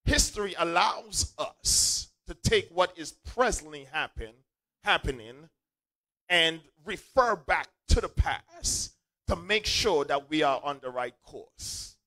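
In church, a male preacher gives a sermon in call-and-response style, repeating key lines for emphasis and urging the congregation to say them back. His fairly high voice swings widely in pitch, moving slowly with a pushed, bright quality, and the recording is rough.

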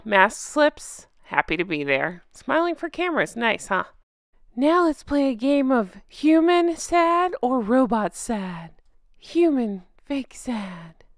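Brief: sarcastic female vlogger, highish, dry close sound. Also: no room sound. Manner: snarky, deadpan labels. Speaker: commentary vlogger. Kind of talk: sarcastic commentary.

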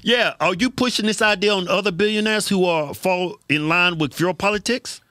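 A man co-hosting a reaction show, crude and teasing, breaking into high laughs. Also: normal speed, bright, forceful tone, dry recording, studio quality. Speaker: co-host reacting to clips. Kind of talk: casual commentary chat.

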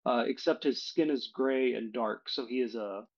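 A man running a tabletop game as game master, narrating in a relaxed way with many fillers and self-corrections. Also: mid-range voice, normal speed, lo-fi sound.

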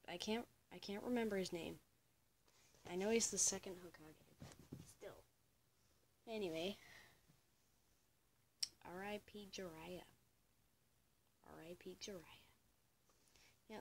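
A young teenage girl rambling in a casual home vlog, drifting into soft whispered asides and cooing high at her pet. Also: a little hiss or hum. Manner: high coo when talking to her pet. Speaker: vlogger. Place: home room.

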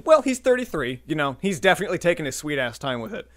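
This podcast co-host has a slightly high, bright voice and talks fast and very animatedly, with no echo. He reads scripted history notes mixed with casual chat, tossing in joking asides and the occasional slip of the tongue.

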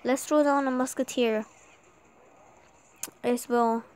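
A woman giving excited live gameplay commentary while she has a sore throat from an oncoming cold. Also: fairly high pitch, takes it slowly, clear, resonant tone. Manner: excitable, urging the game on aloud. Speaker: gamer.

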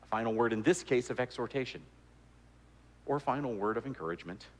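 A man's voice: mid-range voice, fast talker. A man giving a conversational sermon, with frequent restarts and fillers. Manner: conversational, repeats words, many fillers and restarts. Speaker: preacher. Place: church sanctuary. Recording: long church reverb.

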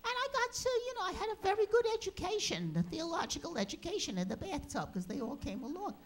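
A woman's voice: extremely high pitch, very animated, fast, voice pushed up. A woman doing a brash housewife. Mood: wry. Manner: loud, blunt, exasperated street talk. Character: brash Brooklyn housewife turned mystic, middle-aged woman. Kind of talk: storytelling impression.

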